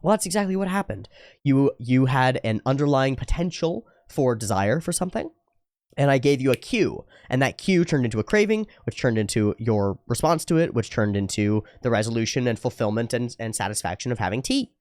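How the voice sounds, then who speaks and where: A man's voice: medium pitch, animated, brisk, darkish tone, no echo, studio quality. A young man hosting an anime reaction channel, chatting casually and reading viewer comments aloud, swearing freely and slipping into mocking voices.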